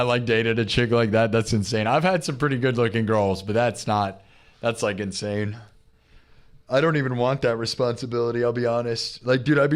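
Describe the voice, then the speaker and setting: A man hosting a live stream, rambling excitably in casual chat and saying "dude" constantly. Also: medium pitch. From United States. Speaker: live-streaming musician and host. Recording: long reverb.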